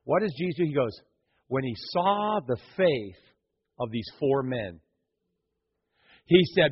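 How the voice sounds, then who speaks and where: A pastor delivering a lively sermon in a church, acting out the scenes of his story and joking with the congregation. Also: mid-range voice, measured pace, pauses often, breathy edge, lo-fi sound. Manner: animated storytelling, acts out scenes, jokes with the congregation. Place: church sanctuary.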